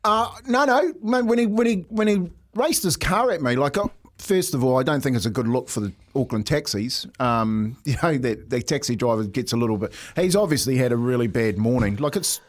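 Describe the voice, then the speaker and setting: Brisk and with few pauses, a medium-pitched male voice with a New Zealand accent carries a breakfast radio show he co-hosts. Chatting casually in the studio, he tells animated stories and keeps laughing through them.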